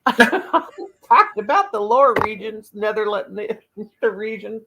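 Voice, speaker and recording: A woman's voice: medium pitch, animated, a little slow, background noise. A woman in her fifties hosts a live stream with casual, unfiltered chat. She rambles through candid stories and speaks bluntly, with no care for who might be offended.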